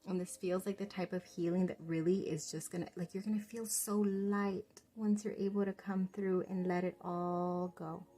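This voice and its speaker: A woman giving a pick-a-card tarot reading straight to the viewer, gentle and reassuring, calling them "love". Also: on the low side, level tone, normal speed, few pauses. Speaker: tarot reader.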